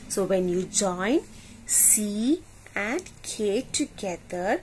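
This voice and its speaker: A woman teaching a phonics lesson for children, slowly saying each sound and asking the listener to repeat. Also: mid-range voice, very animated, a little mellow, slight background noise.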